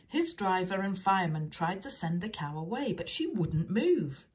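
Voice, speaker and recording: A woman reads a children's train storybook aloud in a husky, lowish voice. She steps out of the text now and then for chatty asides of her own. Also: big pitch swings, moderate pace.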